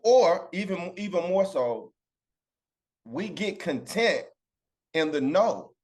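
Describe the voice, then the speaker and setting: A man's voice: sits high, animated, slow, a little mellow. A man teaching a casual Bible lesson over a video call, chatting with his group and keeping them in with a "right?".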